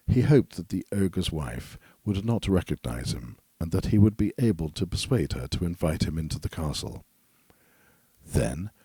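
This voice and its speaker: A male storyteller reads a fairy tale in a very low, dark voice. The tone is husky. The recording is dry and close. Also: dry recording. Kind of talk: storybook narration.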